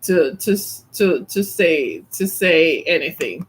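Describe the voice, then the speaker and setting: A middle-aged woman from the American South, chatting casually as a host, animated and laughing often as she plays out little scenes. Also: low voice, slow. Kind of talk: casual chat.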